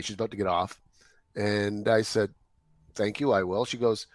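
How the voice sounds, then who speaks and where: Man, low voice, dry close mic, wry anecdotes, halting fillers. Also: no room sound. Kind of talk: casual podcast chat.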